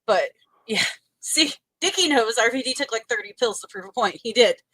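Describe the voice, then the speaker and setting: A woman co-hosting a podcast in casual chat, upbeat and quick to laugh. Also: a little high, animated, a bit bright, slightly rough, no echo. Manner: chatty, laughs easily, upbeat. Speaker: podcast co-host.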